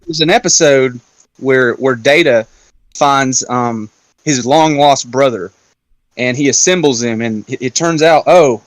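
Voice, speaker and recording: A man hosting a casual round-table talk, retelling a story in an animated way and acting out the quotes. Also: medium pitch, measured pace, no room sound. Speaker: podcast host.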